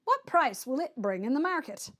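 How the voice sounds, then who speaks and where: Woman doing a loud, sneering Englishman. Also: high-pitched, very animated, normal speed. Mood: scornful. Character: scornful blunt middle-aged Englishman, sneering and mocking.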